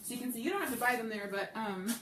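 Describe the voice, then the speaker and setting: A woman's voice: a little high, animated, rapid-fire, fairly bright tone, far from the mic. A middle-aged woman chatting casually while cooking live at home, reading viewer comments and wandering off topic. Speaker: home cook hosting a live cooking stream. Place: home kitchen. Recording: echoey kitchen with background noise.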